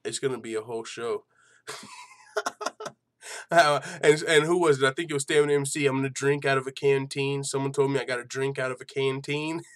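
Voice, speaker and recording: A man's voice: mid-range voice, fairly even intonation, fairly quick, pauses often. A man hosting an MMA news channel in casual chat, swearing freely and laughing often. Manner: loose and profane, laughs a lot, lots of fillers.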